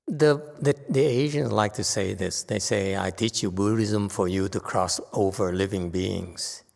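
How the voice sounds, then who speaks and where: A man giving a Buddhist lecture, pressing his listeners with pointed rhetorical questions and jumping up in pitch to stress a point. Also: measured pace, gravelly, a little mellow, big-room sound. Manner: sudden rises in pitch and force when stressing a point. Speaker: Buddhist teacher. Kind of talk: Dharma lecture.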